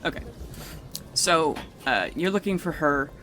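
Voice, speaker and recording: A man's voice: a little high, animated, measured pace, pushed and bright, soft background music. A man narrating a tabletop game as game master, casual and rambling, swearing freely.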